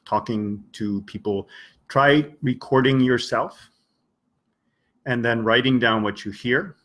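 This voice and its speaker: A man with a slightly husky voice teaches English live to viewers online, with a middle-pitched tone. He talks patiently, sometimes slowing down on purpose to show a point, and acts out little exchanges to make it clear. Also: a bit bright. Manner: patient, explains slowly with spoken examples and acted-out dialogues. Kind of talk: live-stream teaching talk.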